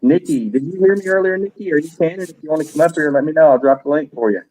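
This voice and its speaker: A middle-aged livestream host chats loosely, cursing now and then and greeting viewers by name. His voice is a little high, racing and darkish, and the rough recording carries some hiss or hum.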